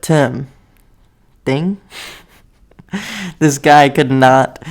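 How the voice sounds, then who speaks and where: A man's voice: medium pitch, creaky. A young American man talking casually to his camera, rambling and correcting himself, often laughing. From United States. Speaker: vlogger.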